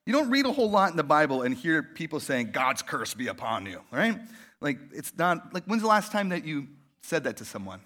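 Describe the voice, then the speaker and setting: Male pastor, conversational sermon, high-pitched, bright and expressive delivery. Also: a little fast. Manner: animated, conversational, tosses in "right?" and "like". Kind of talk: casual sermon.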